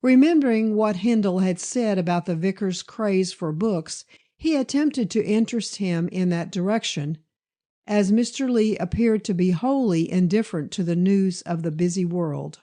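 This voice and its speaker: Frau mit weicher Erzählstimme. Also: female voice, mid-range voice, moderate pace, mellow. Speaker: audiobook narrator. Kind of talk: scripted narration.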